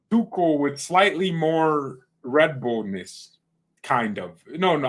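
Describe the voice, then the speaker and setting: A man's voice: a little high, a bit bright. Rambling young man, casual football chat. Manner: rambling, slangy, jumps between topics. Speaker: fan channel host.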